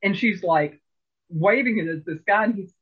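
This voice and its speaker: Telling stories at a moderate pace, a husky, high-pitched man chats his way through a casual interview with many fillers and restarts. The recording has a narrow, telephone quality.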